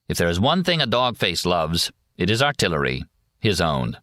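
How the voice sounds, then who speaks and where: Deep, lively male audiobook narrator. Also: no room sound, clean studio sound. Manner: steady, measured first-person reading. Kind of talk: scripted narration of a war memoir.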